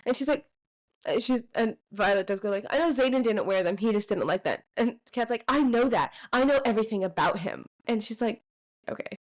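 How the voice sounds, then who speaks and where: A woman's voice: fairly high pitch, animated, fairly quick, poor audio. Young woman retelling book scenes casually. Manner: retells scenes by quoting characters, frequent "you know". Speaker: podcast co-host.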